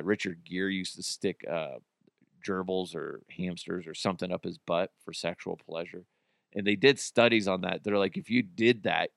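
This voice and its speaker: A man's voice: on the low side, creaky, a bit bright, dry recording, clean studio sound. A man hosting a comedy podcast, riffing crudely and swearing freely as he jokes about the news. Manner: crude, joking, profane. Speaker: podcast host. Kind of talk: casual comedic podcast monologue.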